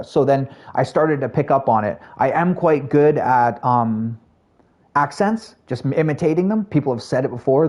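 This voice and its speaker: A man's voice: medium pitch, a little mellow, highs cut off. Chatty Canadian streamer guy. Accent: Canadian English. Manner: chatty, addresses chat and viewers by name, friendly filler-heavy talk. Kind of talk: casual live-stream chat while gaming.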